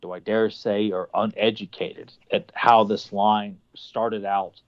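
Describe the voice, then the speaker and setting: A man's voice: lowish voice, little pitch movement, takes it slowly. A man co-hosting a podcast in casual, sarcastic and sweary chat. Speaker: podcast co-host. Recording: dull lo-fi podcast audio.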